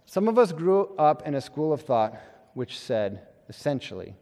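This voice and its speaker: Conversational pastor in a reverberant hall. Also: male voice, on the high side, moderate pace. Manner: conversational and animated, acting out quoted voices; self-deprecating humor. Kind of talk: sermon.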